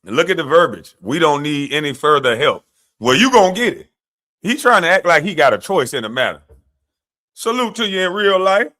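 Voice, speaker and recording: A man's voice: high voice, sing-song, brisk, bright, forceful tone. Fired-up man ranting on a livestream. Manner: combative, mocking, talks back to clips. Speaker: livestream commentator. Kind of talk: heated political commentary livestream.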